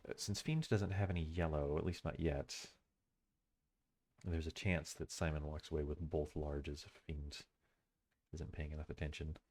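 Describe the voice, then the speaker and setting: Male replay commentator, low voice, hesitant and thoughtful, casual home-recorded delivery. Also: steady tone, normal speed, darkish tone. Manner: thoughtful, hesitant, many fillers and self-corrections.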